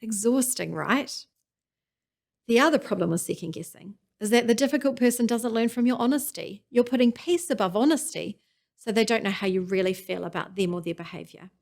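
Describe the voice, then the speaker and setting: A woman gives a scripted teaching talk in a calm, earnest way. Her pitch sits in the middle of the usual range for a woman. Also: vocal fry. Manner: calm, earnest, acts out example lines. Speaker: presenter.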